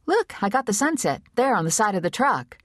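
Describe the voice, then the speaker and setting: A woman voicing an eager, pushy young woman reporter who talks quickly and pleadingly. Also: mid-range voice, big pitch swings, no room sound, clean studio sound, pitched above the performer's own voice.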